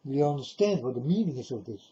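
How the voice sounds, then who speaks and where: A man's voice: mid-range voice, expressive, quick pace, warm tone. A man preaching to the camera in a monologue, firing off repeated rhetorical questions at the viewer. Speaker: religious video preacher. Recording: dull lo-fi recording.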